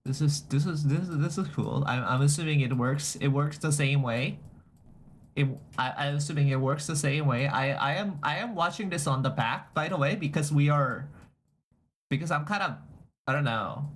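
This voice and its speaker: A man's voice: fairly high pitch, normal speed. Young man rambling on a livestream. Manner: rambling, repeats and restarts phrases; reacts to chat messages aloud. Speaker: streamer. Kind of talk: casual livestream chat.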